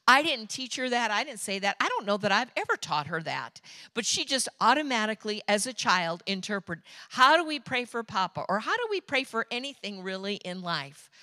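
A woman preaching a sermon as a pastor's wife, telling personal stories in an animated, chatty way. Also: mid-range voice, dry recording.

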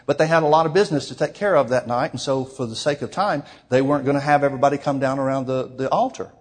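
A man's voice: medium pitch, fast talker. A man preaching, retelling a story in a sermon with many quoted lines and frequent restarts.

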